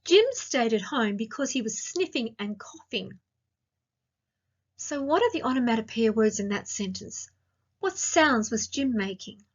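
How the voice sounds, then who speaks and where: An Australian woman teaching a grammar lesson to young children, speaking slowly and clearly and asking lots of questions. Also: a little high, expressive. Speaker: primary school teacher. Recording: dull lo-fi sound.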